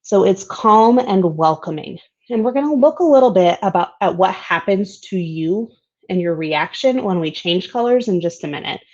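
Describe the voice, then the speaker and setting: A woman's voice: medium pitch, lively intonation, moderate pace, darkish tone. A woman walks through design principles in a recorded slide presentation. She sounds upbeat and conversational and leans on each key term. The recording is slightly dull and lo-fi.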